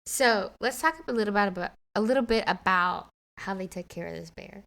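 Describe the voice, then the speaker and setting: Podcast co-host, woman, mid-range voice, animated storyteller who laughs a lot. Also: medium pitch, fairly quick, vocal fry. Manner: lively, laughs often, tells anecdotes. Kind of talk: casual storytelling chat.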